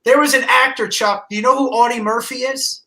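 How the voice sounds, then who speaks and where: A man in casual late-night podcast chat, fired up and profane, breaking into shouts. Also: very high-pitched, fairly even intonation, fairly quick, reverberant, low-quality recording. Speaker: podcast guest.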